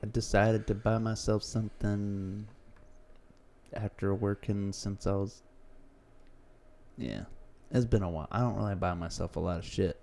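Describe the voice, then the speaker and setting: A man's voice: fairly low pitch, fairly even intonation, measured pace, gravelly, long pauses, darkish tone, slight background noise. A young man co-hosting a podcast in casual chat, laid-back and joking, swearing and laughing often. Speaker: podcast co-host. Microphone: studio podcast mic.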